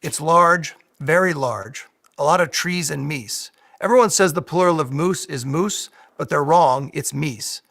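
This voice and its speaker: A man's voice: a little high, measured pace, creaky, few pauses, a bit bright, full character voice. A man doing a boastful, rambling older president. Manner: boastful, repetitive superlatives.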